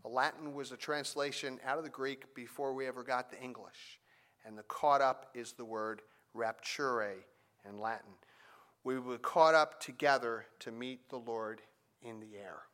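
A man preaching a sermon, telling a family story and then teaching from scripture, with animated emphasis on key points. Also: medium pitch, a little slow. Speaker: pastor.

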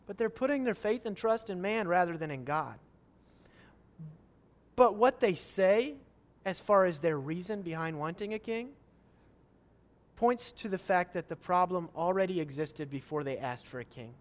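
A man's voice: sits high, expressive, moderate pace. A man preaching a sermon, reading Scripture and acting out the people's pleas with rising, emphatic questions.

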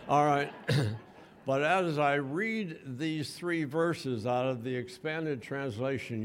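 A man's voice: mid-range voice, a little hiss or hum. An older man from the United States preaching a sermon in church, talking in a folksy, conversational way and speaking to his congregation directly.

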